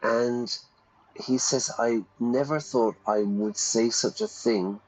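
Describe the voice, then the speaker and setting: A man's voice: medium pitch, fairly even intonation, slow pace, darkish tone, poor audio. A British or Irish man teaching English while reading game dialogue aloud and explaining phrases. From Britain or Ireland.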